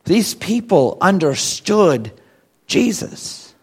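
High-voiced man preaching a sermon. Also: big pitch swings, slightly rough. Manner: reads scripture slowly with rising emphasis, then explains conversationally. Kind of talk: sermon with scripture reading.

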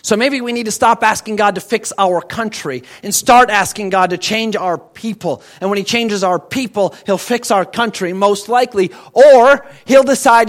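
High-voiced man preaching with emphasis. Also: moderate pace, hardly any pauses. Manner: emphatic, swings between loud and quiet; conversational, asks the congregation questions. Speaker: pastor. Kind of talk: sermon.

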